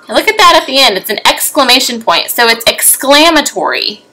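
A woman's voice: a little high, sing-song, brisk, hardly any pauses, sharp tone, low-quality recording. A young adult woman teacher giving a remote lesson to young children, patient, with frequent rising "okay?" checks.

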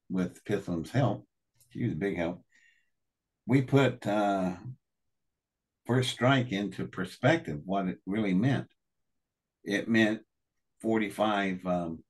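An older man as an interview guest, telling a personal story with strong feeling, acting out the dialogue and swearing now and then. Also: low voice. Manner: animated, acts out quoted dialogue, swears. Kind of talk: emotional first-person storytelling.

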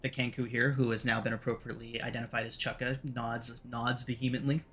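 Bright-voiced male game master. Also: mid-range voice, brisk, a little hiss or hum. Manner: relaxed, filler-heavy narration. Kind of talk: narrating a tabletop game.

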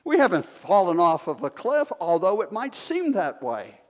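A man's voice: high voice, huge pitch swings, moderate pace, a little mellow. A male pastor preaching a sermon, telling a story and asking the congregation questions. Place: church sanctuary. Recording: long reverb of a sanctuary.

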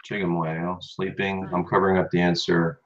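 American man, very low voice, relaxed chatty student in a casual lesson, slightly dull recording. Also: very fast. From United States. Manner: relaxed, chatty, repeats words after the teacher.

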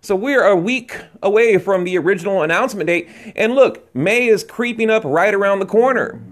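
High-voiced man ranting about boxing. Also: lively intonation, moderate pace. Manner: rambling, rants with frequent restarts. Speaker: boxing channel host. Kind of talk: casual ranting commentary. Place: late-night home recording.

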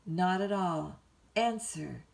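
A woman's voice: on the low side, slow, gravelly. A woman reading a bedtime story, voicing a blunt middle-aged housekeeper who answers in a dry, scolding way. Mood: tart.

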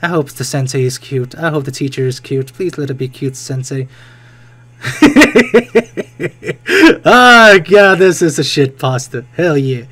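Excitable young man doing let's play commentary. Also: on the high side, unhurried. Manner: excitable, joking, swears freely, reacts loudly. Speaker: gaming video host.

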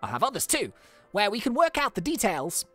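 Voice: medium pitch, wildly swooping pitch, a little fast, pushed and bright, faint music behind, voice pushed up, full character voice. A let's-play gamer reading out a sassy, wealthy young woman rancher in a put-on Australian accent, haughty and impatient. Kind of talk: reading game dialogue aloud.

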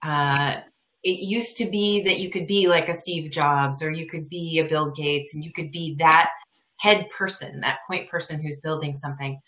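Female co-host, lowish pitch, bright tone, roomy echo, thoughtful and chatty. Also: fairly even intonation, normal speed. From northern United States. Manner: thoughtful, with many fillers. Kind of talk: casual advice talk.

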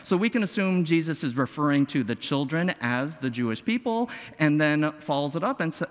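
A male pastor preaching a sermon, expressive and full of rhetorical questions and dramatic pauses. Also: fairly high pitch. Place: church sanctuary. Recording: long hall reverb.

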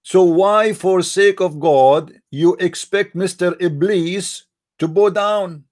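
A man with a somewhat high voice hosts a live-streamed religious debate. He argues in a mocking, combative way and keeps throwing rhetorical questions at his audience. His English is non-native, full of restarts and loose grammar. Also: slow pace, darkish tone. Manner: mocking and argumentative, piles up rhetorical questions to viewers.

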